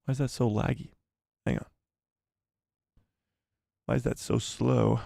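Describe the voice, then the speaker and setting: A man's voice: mid-range voice, level tone, a little slow, gravelly, noisy background. A man hosting a live fan stream, chatting casually in a rambling, self-deprecating, joking way. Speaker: host of a live fan show.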